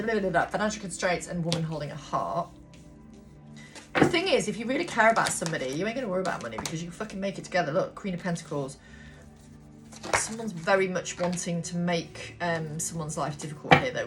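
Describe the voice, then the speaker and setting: A woman giving a casual tarot reading, talking bluntly, swearing freely and rambling on. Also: on the low side. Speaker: tarot reader. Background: background music.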